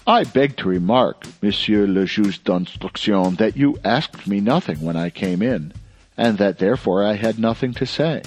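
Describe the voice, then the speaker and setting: Man playing a polite clever young schoolboy, soft playful manner, lowish husky voice. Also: expressive, normal speed, faint music behind.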